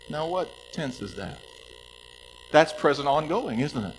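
Man, pastor, sermon delivery; emphatic with quiet pleading turns, mid pitch. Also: very animated, slight background noise, rough recording. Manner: emphatic, slows down to stress scripture, drops to soft pleas.

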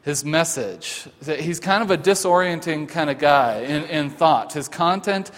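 A male pastor gives an informal sermon with a somewhat raised pitch. He speaks in a halting, conversational way, full of restarts and filler sounds. His voice carries a long echo through a church sanctuary. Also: fairly bright tone. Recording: long hall reverb.

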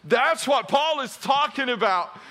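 A man's voice: very high voice, animated, measured pace, bright, forceful tone. A middle-aged man preaching a sermon, telling funny self-deprecating stories before turning to scripture. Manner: storytelling, self-deprecating humor. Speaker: pastor.

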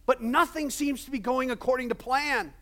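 Man acting out scheming king, anxious, pleading, high voice. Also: moderate pace, a bit bright.

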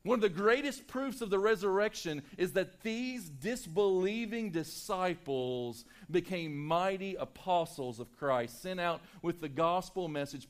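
A male pastor preaching a sermon to his church, swinging between loud, emphatic lines and hushed, quiet ones. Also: a little high. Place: church sanctuary.

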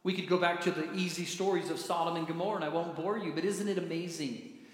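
A man's voice: fairly even intonation, quick pace. Echoey preaching man in a hall. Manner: emphatic preaching, voice dropping low at phrase ends. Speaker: pastor. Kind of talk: sermon.

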